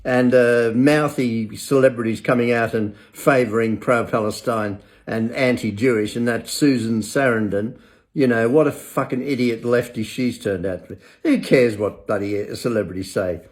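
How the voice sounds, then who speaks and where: A man's voice: medium pitch, steady tone, normal speed. An older man delivers a blunt, swearing monologue. He sounds sarcastic and scornful as he talks on his own. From England. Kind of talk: ranting monologue.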